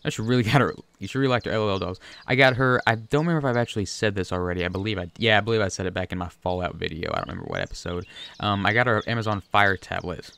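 A man's voice: on the low side, animated, racing, creaky, a bit bright. A man chatting casually and rambling through gameplay commentary at his home desk, talking to the fish on screen. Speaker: gaming video creator. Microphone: USB desk microphone.

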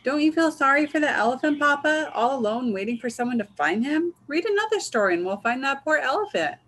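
A woman's voice: high-pitched, sing-song, fairly quick, voice pushed up. Chicken, a woman voicing an eager little girl. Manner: bright, insistent, pleading.

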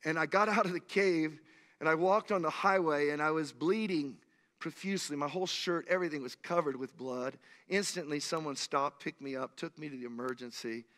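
Pastor guy preaching in church, kinda high voice, earnest, gets fervent. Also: fairly quick, a bit bright, in a large hall. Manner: earnest storytelling, rising to fervent appeals. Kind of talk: sermon. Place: church sanctuary.

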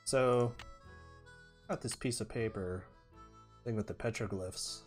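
A man playing a video game on a live stream, chatting casually and low-key. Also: slow, soft background music.

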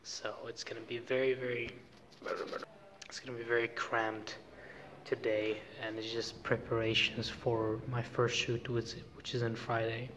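A man's voice: mid-range voice, level tone, unhurried, a bit bright. A young man, a film student, chatting casually into a handheld camera as he goes about his days, loose and full of fillers and restarts. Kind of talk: casual vlog chat. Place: around a city, often outdoors in the streets.

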